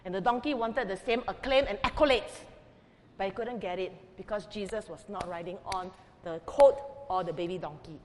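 A woman pastor preaching an emphatic sermon, swinging between loud declarations and quiet asides. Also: mid-range voice, moderate pace, in a large hall, a little hiss or hum. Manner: emphatic, with big swings in loudness.

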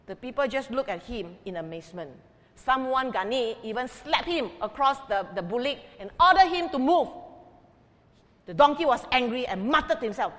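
A woman pastor preaching an emphatic sermon, swinging between loud declarations and quiet asides. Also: a little high, lively intonation, normal speed, big-room sound. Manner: emphatic, with big swings in loudness.

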